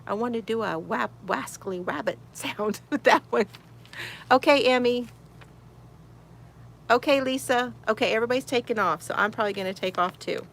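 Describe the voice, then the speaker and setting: A crochet channel host runs a relaxed livestream from her she shed, greeting viewers by name, reading chat comments out loud, and laughing often. Her voice sits on the high side and is a bit bright, moving at normal speed with long pauses. A faint hiss or hum runs underneath.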